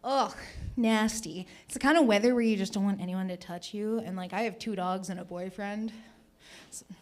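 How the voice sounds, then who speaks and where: A woman's voice: medium pitch, normal speed, darkish tone. A young woman performs stand-up at an open mic in a chatty, self-mocking way, often laughing at her own jokes. Her voice sits in an ordinary middle register, and her delivery is loose and conversational. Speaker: stand-up comedian.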